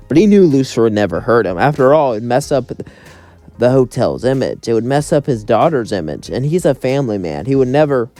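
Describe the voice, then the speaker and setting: A man's voice: mid-range voice, dark tone. A young man narrating a what-if story casually, with rambling, chatty asides.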